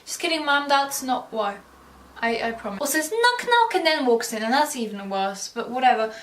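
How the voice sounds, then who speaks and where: A woman's voice: high voice, sing-song, fairly quick. Teen girl vlogger, sarcastic rambling rant, recorded from a distance in an echoey room. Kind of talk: ranting vlog monologue. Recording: roomy sound, mic far off.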